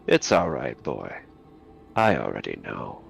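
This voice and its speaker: A game master playing a condescending, menacing crime boss. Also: male voice, a bass voice, wildly swooping pitch, measured pace, gravelly, soft background music, voice pushed down, exaggerated voice. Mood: smug. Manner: condescending, calls the listener boy. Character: menacing man, a crime boss probing a newcomer.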